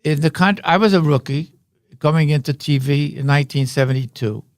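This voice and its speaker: A man's voice: a little high, brisk, no room sound, studio quality. Rambling older man telling stories. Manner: rambling, anecdotal, telling jokes. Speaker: guest. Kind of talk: casual storytelling. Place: podcast studio.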